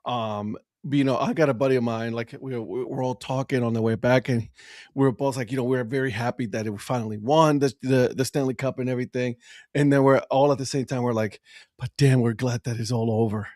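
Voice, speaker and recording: A man's voice: medium pitch, fairly even intonation, fairly quick, a little mellow, dry recording, clean studio sound. Teasing, boastful man in banter. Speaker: co-host. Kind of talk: casual chat.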